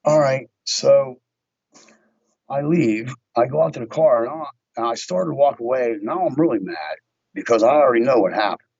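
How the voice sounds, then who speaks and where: Man guest recounting a story with lively acted-out quotes; dry, dull-sounding podcast audio. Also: medium pitch, moderate pace, vocal fry, husky, no echo. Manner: animated storyteller acting out his own quotes. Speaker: guest, window tint shop owner. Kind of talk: casual storytelling chat.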